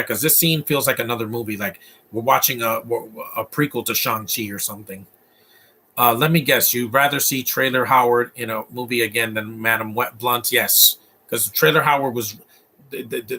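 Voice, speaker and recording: A man's voice: medium pitch, normal speed, pushed and bright, breathy edge. A man giving casual, opinionated live commentary while watching a movie, rambling through asides and restarts.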